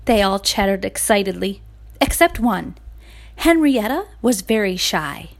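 A woman narrating a children's picture story in a clear read-aloud manner. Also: medium pitch, expressive, measured pace.

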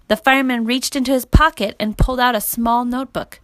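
A woman reading a children's story aloud as narrator, in a steady, clear manner. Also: on the high side, a little fast, few pauses, no echo.

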